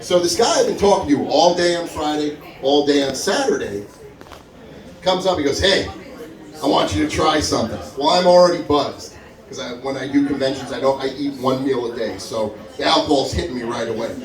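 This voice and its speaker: A man telling a stand-up story at a comedy club open mic, acting out the people he quotes with big jumps in his voice. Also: fairly quick. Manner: animated, acts out quotes with big pitch jumps. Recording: echoey room, mic from far, crowd audible. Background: audience laughing.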